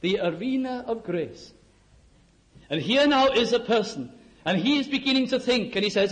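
A male preacher delivering a sermon in a conversational way, peppered with rhetorical questions, often dropping to a hush. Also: very high-pitched, animated, normal speed.

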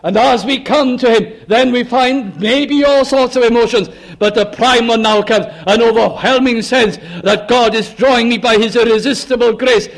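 A man's voice: extremely high pitch, steady tone, normal speed, few pauses. A man preaching a sermon with fervent, rhythmic emphasis and repeated refrains. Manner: fervent, rising to emphatic repeated cries then dropping to hushed close.

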